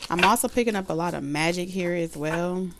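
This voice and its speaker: Woman reading tarot, casual and rambling, a bit low-pitched, voice wearing thin. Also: a little fast, background noise. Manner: chatty, loose and repetitive with many fillers. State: losing her voice. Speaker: tarot reader.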